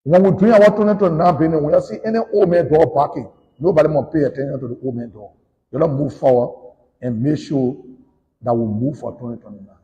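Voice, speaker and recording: A man with a Liberian English accent, a politician giving a combative, accusing rant that swings between shouting and muttering. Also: on the high side, fast talker, big-room sound, muffled recording.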